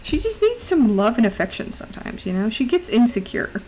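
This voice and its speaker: A woman's voice: fairly high pitch, very animated, a little fast, darkish tone, a little hiss or hum, rough recording. A woman streamer chatting casually and giggling, often baby-talking to her dog. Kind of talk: casual chat.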